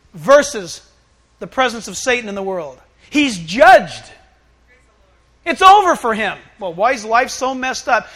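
Male pastor, high bright voice, lively sermon delivery with loud bursts and quiet asides. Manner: animated, acts out voices, swings from loud to hushed.

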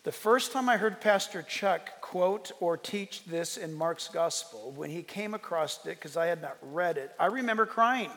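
A man pastor delivering a sermon in a church, animated, bursting into shouted emphasis. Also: sits high, moderate pace, hardly any pauses, in a large hall.

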